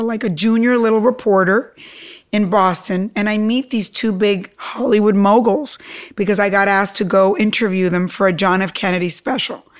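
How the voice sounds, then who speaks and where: A middle-aged woman from Cuba, a guest telling a lively story and acting out the other people in it. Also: medium pitch. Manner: animated, acts out quoted voices.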